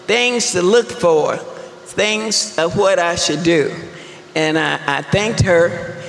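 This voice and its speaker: Slow wry woman in an echoing hall. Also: mid-range voice, a bit bright. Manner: wry humorous storytelling, slow and deliberate. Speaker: speaker sharing recovery story at a fellowship meeting. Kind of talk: personal testimony talk. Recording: echoey hall with long reverb and faint room ambience.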